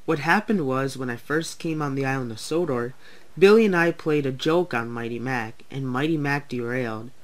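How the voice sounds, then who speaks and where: A man's voice: mid-range voice, moderate pace, natural voice. A young man voicing a sly, scheming male toy engine plotting revenge in a homemade story. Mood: regretful.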